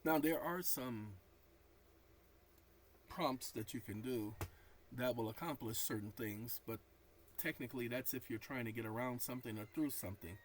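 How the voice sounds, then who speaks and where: A man's voice: mid-range voice, moderate pace, pauses often, a little hiss or hum, low-quality recording. A tired man talking casually to his viewers, spelling out commas and periods as he dictates. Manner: dictates punctuation aloud while reading. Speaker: channel host. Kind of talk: casual talk to camera.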